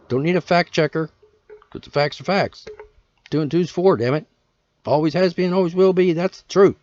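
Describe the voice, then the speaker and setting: Ranting alone on his own podcast, this male host sounds casual, exasperated and profane. His pitch is a little high and his tone darkish. It's a dry, dull lo-fi recording without any room sound.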